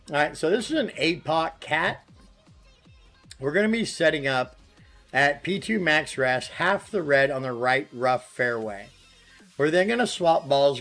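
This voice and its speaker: A man giving casual, relaxed commentary on his own gameplay, thinking aloud with plenty of ums and uhs. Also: fairly high pitch. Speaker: gaming streamer.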